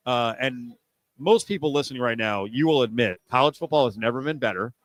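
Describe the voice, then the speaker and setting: A man hosting a sports talk radio show, animated and sarcastic, often mocking people in put-on voices. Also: mid-range voice, brisk, no echo, rough recording. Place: radio studio. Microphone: studio mic.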